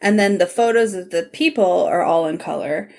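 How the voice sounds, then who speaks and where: A woman's voice: fairly low pitch, moderate pace, vocal fry, a little mellow. A woman hosting a podcast, recapping scenes in a bubbly way and laughing often. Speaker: podcast host. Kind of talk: casual chat.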